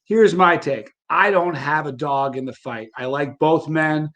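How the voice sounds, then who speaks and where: A man speaking as a guest in a casual interview, relaxed and conversational, often restarting sentences. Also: fairly high pitch, a little slow. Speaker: interview guest, hot-sauce eater.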